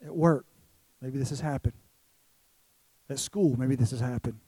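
A man's voice: medium pitch, measured pace, mellow, breathy edge, dry recording. A man preaching a sermon as pastor, emphatic, with repeated phrases and rhetorical questions to the congregation.

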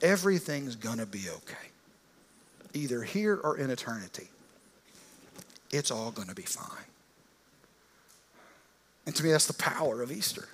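A male pastor preaching an Easter sermon, telling the story dramatically and swinging from hushed, almost whispered lines to loud, impassioned ones. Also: mid-range voice, sing-song, normal speed, long pauses, slight background noise.

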